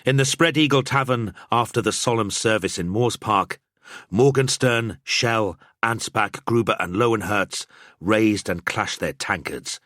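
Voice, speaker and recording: A man narrating an audiobook in a measured storytelling manner. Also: fairly low pitch, fairly bright tone, no echo, clean studio sound.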